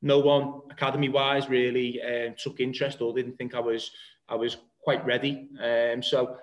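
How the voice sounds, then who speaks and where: A man in his thirties, a footballer, tells his story in a loose, rambling way, stopping and restarting often. His voice sits at an ordinary middle pitch for a man. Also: level tone, moderate pace, highs cut off. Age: 30s. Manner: rambling, many fillers and restarts. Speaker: guest footballer. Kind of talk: casual interview chat.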